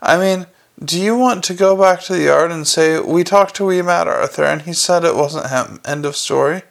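A man's voice: a little high, normal speed, creaky. A man voicing an aging, self-important city watch sergeant, rambling and folksy. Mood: grumbling. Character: aging male city watch sergeant, pompous, set in his ways.

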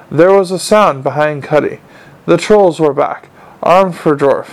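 A man narrating an audiobook in a steady, measured storytelling manner. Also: on the high side, poor audio. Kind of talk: scripted narration.

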